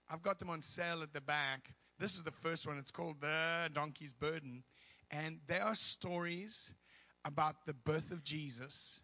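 A man's voice: mid-range voice, bright, forceful tone. A middle-aged man preaching as a guest speaker in a church, telling personal stories in a chatty, humorous way. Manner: chatty storytelling with humor and asides.

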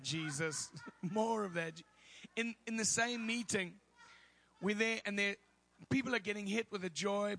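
High, bright-voiced male preacher. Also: creaky. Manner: animated, laughing, loud outbursts of prayer. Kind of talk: sermon storytelling.

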